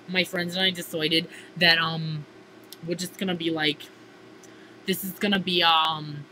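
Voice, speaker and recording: A woman's voice: low voice, sharp tone, a little hiss or hum, rough recording. A teenage girl chatting casually in a diary-style vlog, gushing and theatrical, filling her talk with "like". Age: teens. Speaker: vlogger.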